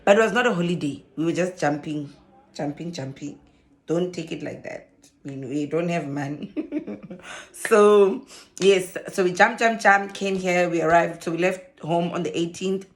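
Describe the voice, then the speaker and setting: A South African woman with a lowish voice speaks at normal speed over slight background noise. She's a vlogger and social worker telling her story casually to camera, animated and laughing often.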